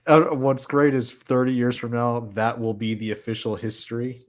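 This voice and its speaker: A man in easy podcast conversation, mid-pitched and relaxed. He chuckles through his stories and keeps a loose, friendly pace. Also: normal speed. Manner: relaxed, laughs while talking. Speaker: podcast co-host. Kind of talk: casual chat.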